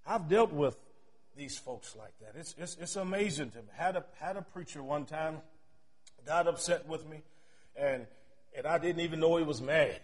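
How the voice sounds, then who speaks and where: A pastor, a middle-aged man with a high-pitched voice, preaches a sermon. He tells personal stories with chatty asides. His loudness rises to near shouts and drops to quiet murmurs. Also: moderate pace.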